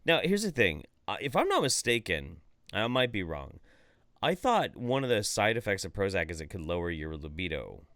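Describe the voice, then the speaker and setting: A man co-hosting a live podcast stream, reading the news and chatting loosely with plenty of swearing. His voice sits fairly low but swings up and down a lot. It sounds smooth and clear on a close, dry mic. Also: sing-song, normal speed, fairly bright tone, dry recording. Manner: profane, laughing, loose and rambling. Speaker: podcast co-host.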